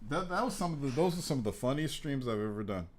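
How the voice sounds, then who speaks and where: A man at a mid pitch hosts a casual podcast, spinning long stories full of swearing. His talk rambles and doubles back on itself as he goes. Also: animated, quick pace. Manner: profane, rambling storyteller. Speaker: podcast host. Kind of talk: casual chat.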